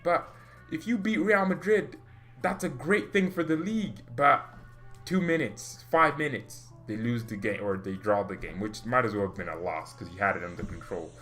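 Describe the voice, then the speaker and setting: A man's voice: medium pitch, moderate pace, fairly bright tone, soft background music. A man hosting his own fan channel, ranting heatedly in a casual way with an exasperated manner and bursts of laughter. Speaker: football fan channel host.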